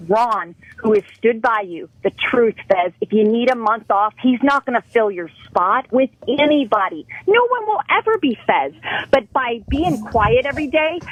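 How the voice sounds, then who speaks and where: A woman's voice: on the high side, breathy edge, no room sound, poor audio. A woman calling in to a radio talk show, pleading and scolding with passion. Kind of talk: heated call-in confrontation.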